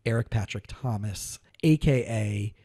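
A man's voice: on the low side, a little slow, creaky, dark tone, no echo, clean studio sound. A man hosting a podcast, chatting eagerly with lots of fillers and restarts. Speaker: podcast host. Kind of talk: casual interview chat.

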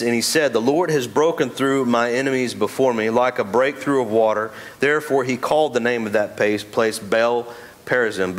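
A man preaching a sermon in a church, joking and talking to the congregation in a loose, conversational way. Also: lowish voice. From Texas. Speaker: pastor. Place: church sanctuary.

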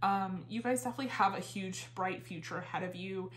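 A woman's voice: mid-range voice, fairly quick, slight background noise. A woman giving a casual, rambling tarot reading, a little out of breath, with lots of fillers and the odd swear word. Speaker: tarot reader. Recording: roomy echo.

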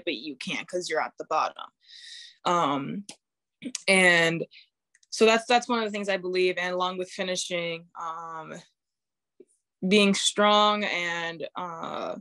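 A teenage girl, a high school basketball player, answering interview questions candidly and laughing as she acts out her thoughts on the court. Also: fairly bright tone, no room sound. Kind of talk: casual interview.

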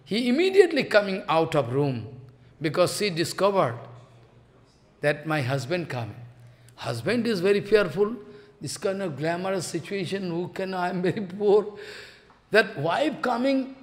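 A man giving a devotional sermon, telling a story slowly and chanting verses in between. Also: sits high, in a large hall. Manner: slow storytelling, repeating phrases, chanting verses. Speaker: spiritual teacher.

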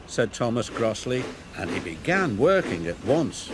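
A man narrating a children's cartoon story in an expressive storytelling manner. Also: medium pitch, measured pace, few pauses, background noise. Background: music.

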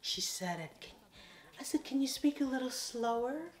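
A woman's voice: high voice, moderate pace. A woman from the Caribbean telling a comic storytime, acting out dialogue with big swings and sudden whispers. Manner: animated, dramatic quoted voices, drops to whispers. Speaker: vlogger. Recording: echoey room with faint noise.

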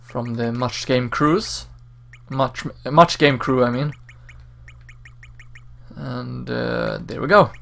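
A man hosting a let's play, giving relaxed, casual commentary with mumbled asides. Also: mid-range voice, slow, gravelly, pauses often.

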